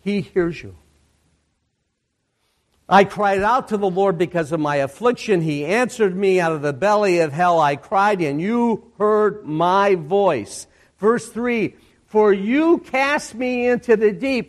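A man's voice: high-pitched, animated. A male pastor preaching a sermon, reading scripture aloud and repeating key phrases for emphasis. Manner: slow, deliberate reading of scripture with emphatic repetition.

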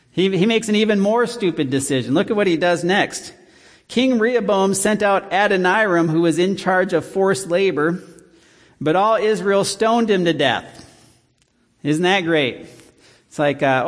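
A man's voice: high voice, normal speed. Man teaching scripture in a reverberant hall. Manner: conversational, rhetorical questions. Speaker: Bible teacher. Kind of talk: evening Bible study sermon.

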